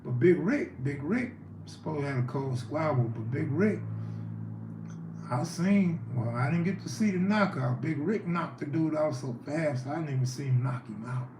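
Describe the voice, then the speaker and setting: A man's voice: fairly high pitch, lively intonation, moderate pace. A man hosting a casual livestream, talking loosely and reacting to viewers' comments. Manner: loose and conversational, reacting to chat. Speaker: livestream host. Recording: echoey room with faint background noise.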